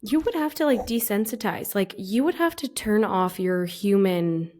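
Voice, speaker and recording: A woman co-hosting a podcast, telling stories in casual chat with an expressive, up-and-down delivery. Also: medium pitch, moderate pace. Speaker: podcast co-host.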